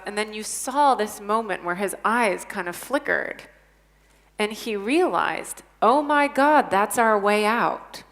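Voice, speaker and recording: A woman's voice: mid-range voice, fairly bright tone. A woman telling a story at a conference panel, earnest and enthusiastic, with emphatic stresses. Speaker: conference speaker. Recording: long reverb of a conference hall.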